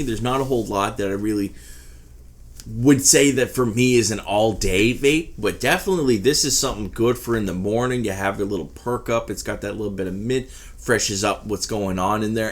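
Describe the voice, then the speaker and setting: A man's voice: lowish voice, lively intonation, moderate pace. A man giving a rambling, casual product review, swearing freely as he talks. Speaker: e-liquid reviewer.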